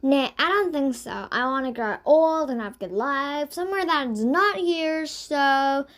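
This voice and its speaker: A woman's voice: sits high, unhurried. A woman doing a blunt, brave storybook girl. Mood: exasperated. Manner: shouting, exasperated.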